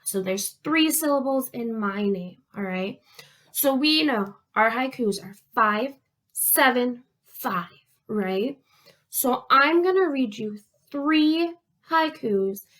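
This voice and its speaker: A woman's voice: a little high, fairly bright tone. A young woman who works as a children's librarian, teaching kids in a friendly way and asking them questions as she goes. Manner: friendly, talks straight to kids with questions and pauses. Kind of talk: children's storytime lesson.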